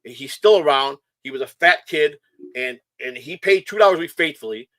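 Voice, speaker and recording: A middle-aged man from Chicago telling hyper, rapid stories in casual chat, swearing freely. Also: on the high side, lively intonation, fairly bright tone, no room sound. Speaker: guest.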